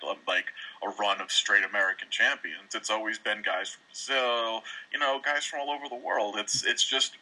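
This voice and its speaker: A man's voice: on the low side, sharp tone, husky, rough recording. A man co-hosting a podcast, talking casually and hedging with fillers. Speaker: podcast co-host. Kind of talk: casual chat.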